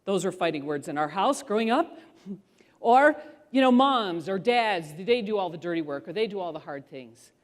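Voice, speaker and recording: A middle-aged woman speaker telling parenting stories to an audience, animated and acting out voices as she goes. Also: mid-range voice, normal speed. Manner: animated storyteller who acts out voices. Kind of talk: storytelling talk to an audience. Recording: long hall reverb.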